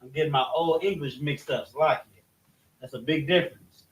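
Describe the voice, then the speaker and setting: A man teaching a scripture lesson in a halting way, often restarting his sentences as he points things out on a board. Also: on the high side. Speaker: religious teacher. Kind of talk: classroom-style scripture lesson. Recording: echoey room, mic at a distance.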